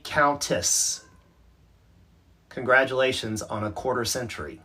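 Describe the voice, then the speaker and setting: A man hosts a relaxed livestream and reads out viewer comments one by one. His voice is husky and a little breathy. He talks in a chatty, self-mocking way and laughs easily. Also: lowish voice, normal speed. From North Carolina, USA. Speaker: livestream host. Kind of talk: casual live chat, reading out viewer comments.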